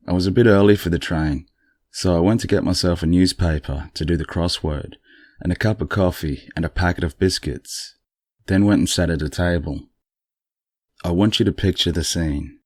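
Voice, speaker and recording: Male podcast host, very low voice, congested, casual dry storyteller, close dry sound. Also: no room sound. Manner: relaxed, chatty, dryly amused. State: congested morning voice.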